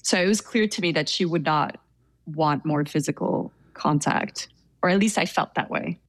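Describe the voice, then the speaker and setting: A woman with a fairly low voice tells a story in an easygoing, hesitant way. Her delivery is self-deprecating and full of fillers. The sound is dry and close. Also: moderate pace, no echo. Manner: hesitant, self-deprecating, laughs while telling. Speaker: interviewee telling a story. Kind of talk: casual storytelling.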